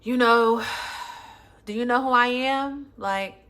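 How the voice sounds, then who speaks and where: A woman voicing a scorpion in a spoken story, a stinging creature who warns others off in a lower tone. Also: slow pace, a bit bright. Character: stinging, self-aware scorpion, warning.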